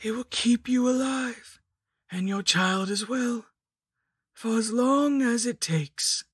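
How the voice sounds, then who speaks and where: A woman voicing a sweetly menacing old female lich hag, crooning slowly in a breathy, husky whisper for a horror story. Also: fairly high pitch, no room sound, clean studio sound, voice pushed up. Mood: crooning menace. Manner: cooing, slow, crooning.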